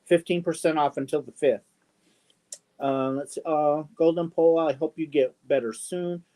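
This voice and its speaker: A middle-aged man with a fairly high, steady, dark-toned voice hosts a casual live stream. He reads viewer comments slowly and haltingly, with plenty of ums and affectionate asides.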